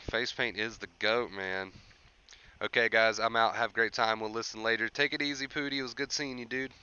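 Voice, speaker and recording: A man's voice: on the low side, pushed and bright, clean tone, dull audio. A young man hosting a casual livestream, encouraging viewers about anxiety recovery and reading chat aloud.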